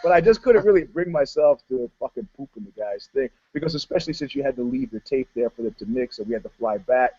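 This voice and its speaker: A man co-hosting a podcast, telling stories in casual chat in an animated, laughing way. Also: medium pitch, quick pace, few pauses, lo-fi sound. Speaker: podcast co-host.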